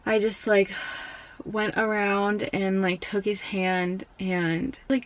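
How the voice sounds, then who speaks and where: Soft-spoken young woman, tearful and halting. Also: medium pitch, fairly even intonation. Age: young adult. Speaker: college student. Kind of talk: personal storytelling vlog.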